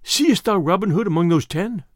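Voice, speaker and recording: A man's voice: high-pitched, expressive, normal speed, no echo, studio quality. A man doing a blustering sheriff. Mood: scornful. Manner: archaic, exclamatory. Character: proud blustering middle-aged male sheriff.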